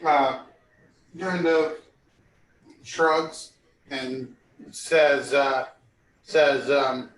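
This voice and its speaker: Casting: hesitant tabletop player, slow, roomy sound, well away from the mic. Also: male voice, a little high, gravelly, fairly bright tone, recorded from a distance. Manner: hesitant, full of fillers. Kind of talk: casual game talk.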